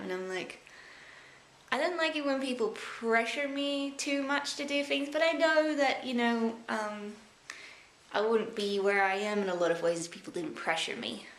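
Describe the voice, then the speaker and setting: A woman's voice: mid-range voice, fairly bright tone. Rambling young Australian woman, echoey room. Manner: rambling, reflective, halting with many fillers. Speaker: vlogger. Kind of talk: rambling personal time-capsule vlog. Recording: echoey room with faint background noise.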